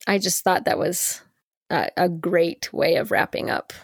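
A woman's voice: on the low side, steady tone, unhurried, breathy edge, no echo, clean studio sound. A woman co-hosting a podcast, talking earnestly about a book in a casual conversational way, with fillers and restarts.

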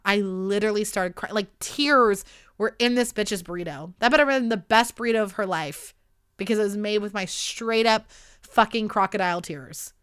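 A woman in her twenties telling a rambling, animated story in a casual monologue, swearing freely. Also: medium pitch, clean tone. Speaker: podcast host.

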